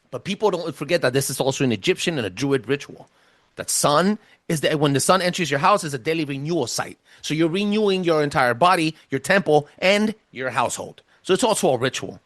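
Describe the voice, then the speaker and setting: A podcast host on the high side, with a somewhat bright tone, presents his ideas casually and emphatically, stumbling and starting over as he goes. He says he has a thick accent. The sound is studio quality with no echo.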